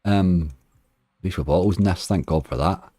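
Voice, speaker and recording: A man's voice: low voice, moderate pace, warm tone, no echo, studio quality. A man streaming slots, chatting casually and answering viewers' comments. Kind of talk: casual livestream chat.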